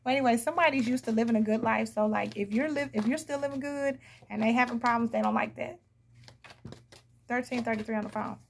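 A woman's voice: fairly high pitch, fast talker, a little hiss or hum. A woman giving a casual, blunt tarot reading, chatting to viewers and laughing often. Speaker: tarot reader.

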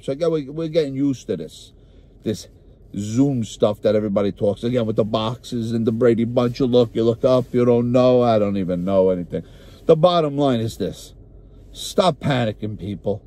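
A man's voice: mid-range voice, warm tone. A man with a New York accent doing a comic, profane rant to camera, sounding exasperated.

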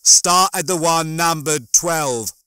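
A man voicing a panicky male ship's computer, calling out an emergency loudly and urgently. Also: medium pitch, fairly even intonation, normal speed, clean tone, dry recording, close to an everyday voice. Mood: yelling. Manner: loud, urgent announcing.

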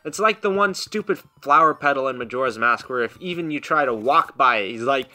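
A man's voice: medium pitch, expressive, fairly quick, few pauses, pushed and bright, soft background music. A young man casually commenting on his own gameplay at home, joking at his own expense and laughing often. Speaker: gaming channel host. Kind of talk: casual let's play commentary. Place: home room.

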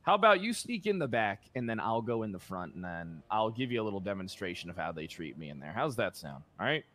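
A man's voice: on the low side, big pitch swings, fast talker, a bit bright. A young man in improvised game roleplay, playing a sheriff with brash, profane, mock-aggressive ranting.

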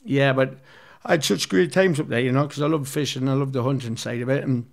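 A man in his fifties sits as an interview guest and tells loose, rambling stories. He swears freely and often stops to restart a thought. His pitch is mid-range. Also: steady tone, brisk, gravelly. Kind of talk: casual anecdotal storytelling.

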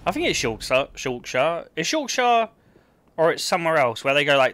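A man's voice: fairly high pitch, very animated, fairly quick, fairly bright tone. A young man from England with a London-area accent, chatting casually and rambling with lots of fillers while streaming a game at home. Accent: London-area English. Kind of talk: casual chat while gaming.

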